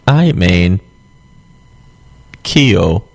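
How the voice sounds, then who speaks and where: A man doing a slow robotic scientist voice. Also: low-pitched, lively intonation, gravelly, a little mellow, voice pushed down, exaggerated voice. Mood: deadpan. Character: male scientist with a slow flat computer voice.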